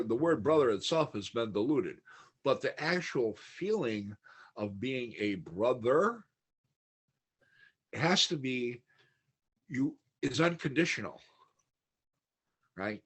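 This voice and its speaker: A man's voice: medium pitch, animated, slow pace, long pauses, husky. A middle-aged man telling stories in a casual podcast chat, rambling, laughing often and acting out what others said. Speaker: podcast guest.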